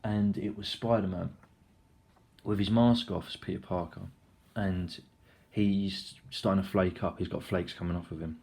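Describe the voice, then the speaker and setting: A man's voice: deep voice, fairly even intonation, moderate pace, gravelly, a little mellow. A young man casually recapping a film, rambling, swearing freely and acting out the scenes. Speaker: film reviewer.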